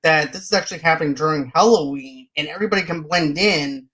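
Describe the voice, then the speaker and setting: A man hosting a movie podcast, chatting casually and emphatically with drawn-out asides. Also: fairly high pitch, pushed and bright. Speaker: podcast host.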